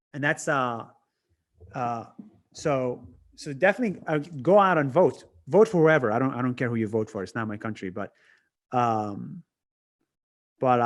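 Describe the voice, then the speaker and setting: Young man from Israel, native Arabic speaker; animated, swearing guest on a video call. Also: mid-range voice. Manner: animated, swears, laughs a lot, restless. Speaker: interview guest, video creator. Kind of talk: casual video-call interview.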